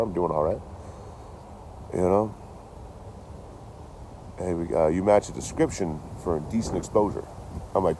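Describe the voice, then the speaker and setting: A man's voice: low-pitched, lively intonation, brisk, pauses often, dark tone, slight background noise. A young man telling a rambling story outdoors near his camp, swearing and laughing often. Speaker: vlogger. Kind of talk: casual storytelling.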